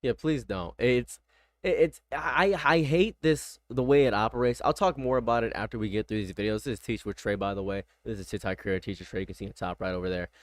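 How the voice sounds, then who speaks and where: A man's voice: fairly low pitch, fairly quick, dry recording, studio quality. A man streaming casual reaction commentary, blunt and rambling, often repeating himself.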